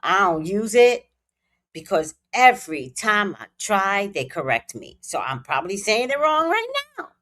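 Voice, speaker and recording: Slow, lively woman musing to viewers. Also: medium pitch. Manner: speculative, talks straight to viewers. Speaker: tarot reader and commentator. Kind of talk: casual gossip commentary to camera.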